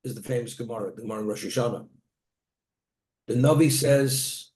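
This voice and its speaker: A man's voice: mid-range voice, a little fast, long pauses, a little mellow. A man, a rabbi, teaching a Torah class, telling stories and weaving in Hebrew terms. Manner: storytelling, Hebrew terms woven into plain talk. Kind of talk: Torah lecture. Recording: echoey room.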